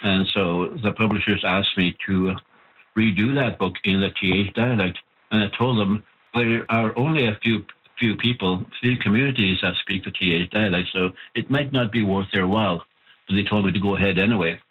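A man who wrote a language book explains it in a phone interview, in a measured way with pauses and fillers. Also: fairly low pitch, fairly even intonation, husky. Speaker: author of a Cree language book. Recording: tinny phone line.

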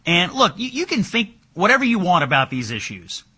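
A man hosting a political talk show, asking pointed questions in an animated way. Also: high voice, fairly quick, husky. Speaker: host.

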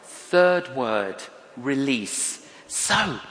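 A man's voice: mid-range voice, big pitch swings, extremely slow, fairly bright tone. A man preaching a sermon, telling stories with wry humour and emphatic repetition. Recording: echoey hall with long reverb.

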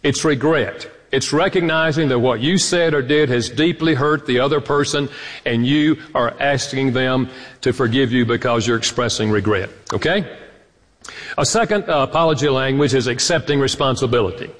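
A man's voice: mid-range voice, moderate pace. A man giving a marriage conference talk, teaching earnestly and acting out quoted lines. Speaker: conference speaker. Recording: reverberant hall from far off.

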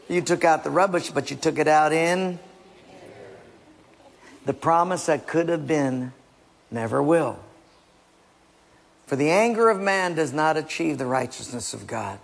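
A man's voice: on the high side, animated, a little slow, creaky, pauses often. A man preaching a sermon emphatically, often dropping to a near-whisper, in a church hall. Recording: long hall reverb.

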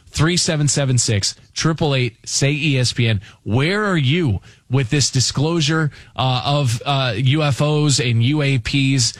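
Brief: male talk radio host, excitable, stumbles over his words, dry close studio sound. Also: mid-range voice, a little slow, no echo. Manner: excitable, stammering restarts. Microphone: studio mic.

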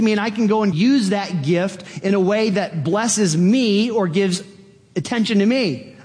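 Man, pastor, sermon, high voice, animated emphasis, long hall reverb. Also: a little slow, slightly rough. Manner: animated, rises high for emphasis, acts out quoted attitudes.

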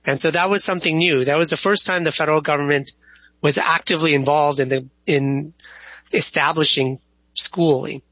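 A man, a history professor, explaining history as an interview guest in a thoughtful, measured way with small restarts. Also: a little high, fairly even intonation, fairly bright tone, dry recording, rough recording.

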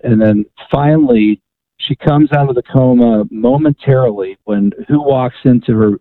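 A man's voice: medium pitch, dry recording. Guy on a phone line telling a story, keeps restarting, dry tinny sound. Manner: animated storyteller with frequent restarts. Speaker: author and guest. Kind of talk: phone-in radio interview storytelling.

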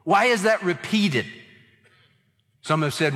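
A man's voice: fairly high pitch, measured pace, a bit bright, big-room sound. A man preaching a sermon as pastor, stressing words by repeating them.

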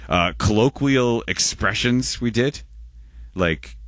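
A man's voice: medium pitch, slow, a bit bright, no echo, studio quality. A Canadian man in his forties hosting a radio show in casual chat, rambling and restarting his words, often chuckling.

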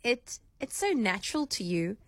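A woman's voice: mid-range voice, expressive, no echo. A woman co-hosting a radio show, chatting casually and laughing easily. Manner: giggly, quick to laugh.

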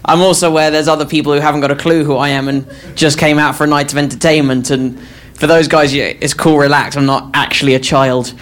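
A man's voice: on the high side, little pitch movement, quick pace, fairly bright tone. A man in his twenties opening a stand-up comedy set, self-deprecating and chatty. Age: 20s. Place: comedy club stage. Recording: live club, crowd noise.

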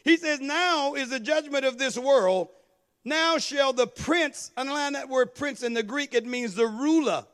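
A man with a strikingly high voice preaches a sermon. He calls out to the congregation and swells into shouted, sing-song phrases as he builds. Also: unhurried. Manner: call-and-response preaching, rising into shouted, half-sung cadences. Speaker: pastor.

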